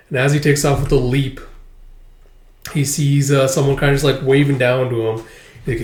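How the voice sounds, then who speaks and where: A man casually retelling a comic chapter panel by panel, reading out the dialogue between relaxed, filler-heavy asides. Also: mid-range voice, normal speed. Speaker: manga reader and commentator. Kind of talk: casual manga read-through. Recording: roomy echo.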